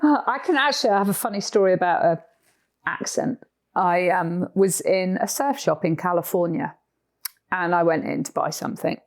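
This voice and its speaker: A woman from Cornwall with a Cornish English accent, co-hosting a casual podcast chat and telling stories with frequent laughs. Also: lowish voice. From Cornwall, England. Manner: chatty storyteller, laughs often. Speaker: podcast co-host. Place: sofa in a rented house.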